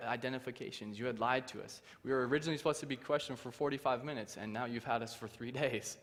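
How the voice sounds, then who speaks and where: A man's voice: mid-range voice, very fast, few pauses, big-room sound. A young man giving his testimony from a church stage. He tells the story with animation and acts out the other people's voices. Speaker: guest speaker. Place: church hall.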